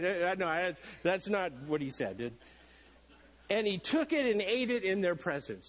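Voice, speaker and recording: Lively, joking middle-aged male pastor. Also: sits high, moderate pace, rough recording. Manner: lively, joking, acts out the people in the story. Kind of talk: sermon. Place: church sanctuary.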